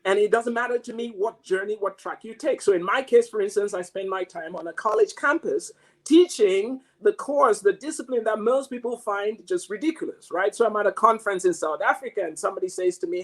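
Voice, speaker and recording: A man's voice: sits high, brisk. A man who teaches mathematics, giving a reflective, story-driven motivational talk with frequent restarts. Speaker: mathematics professor.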